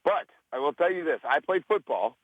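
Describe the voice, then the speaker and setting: A man's voice: on the high side, lively intonation, brisk, no echo, phone-quality sound. A man guesting on a radio show, telling stories in a rambling, self-interrupting way while hungover.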